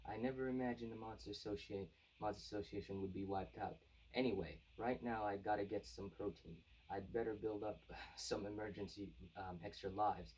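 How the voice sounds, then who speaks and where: A man reading the lines of a weakened male monster in his own husky voice, slow and muttered, recorded from a distance off the mic. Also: lowish voice, fairly even intonation, darkish tone. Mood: panicked.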